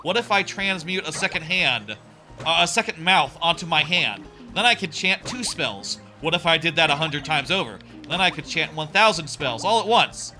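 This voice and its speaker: A man's voice: a little high, lively intonation, normal speed, sharp tone. A young man hosting a casual let's play, rambling and chatty and swearing freely. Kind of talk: casual gaming commentary. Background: faint game music.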